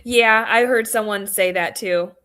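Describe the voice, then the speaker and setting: A woman's voice: on the high side, a little slow, fairly bright tone. Laughing chatty woman, Michigan accent. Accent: central Michigan. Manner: chatty, laughs often, playful. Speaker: knife shop guest. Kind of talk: casual chat.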